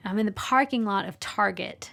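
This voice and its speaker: A woman's voice: medium pitch, normal speed, creaky, fairly bright tone. A middle-aged woman, a podcast guest, telling a personal story with earnest emotion and small laughs.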